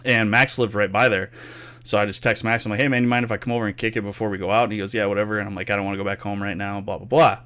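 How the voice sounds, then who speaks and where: Racing along in a fairly low voice, a young man hosts a casual podcast and rattles off gaming stories. He's an animated storyteller in this chatty format, swearing freely and acting out quotes.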